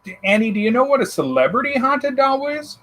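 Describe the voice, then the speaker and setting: A man's voice: very high voice, big pitch swings, brisk, fairly bright tone. A man hosting an online radio talk show, joking around and laughing often. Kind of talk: casual chat.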